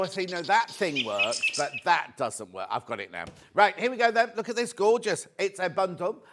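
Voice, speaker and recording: A British man presenting a live shopping show, chatty and excitable as he reads out viewer messages. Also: high voice. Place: TV studio.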